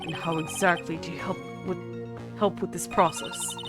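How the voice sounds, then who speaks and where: A woman's voice: on the low side, fairly even intonation, normal speed, voice pushed down, close to an everyday voice. Dry doubtful young lawyer guy, woman reading him, game music playing. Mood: questioning. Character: young male defense lawyer, wry and doubtful.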